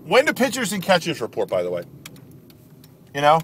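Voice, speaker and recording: An angry man rants straight to camera, hammering his points over and over. His voice sits high and swings widely in pitch, with faint traffic noise outside behind him. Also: wildly swooping pitch, a little fast, fairly bright tone. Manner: angry, emphatic, repetitive. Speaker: video blogger. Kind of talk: ranting sports commentary to camera.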